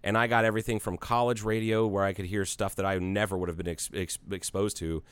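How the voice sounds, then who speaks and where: A man's voice: fairly low pitch, quick pace, smooth, no room sound. A man of forty from Ohio, chatting casually on a podcast and telling a story with plenty of quoted back-and-forth dialogue, swearing now and then. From Ohio, United States. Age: 40s. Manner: animated storyteller, acts out both sides of a conversation.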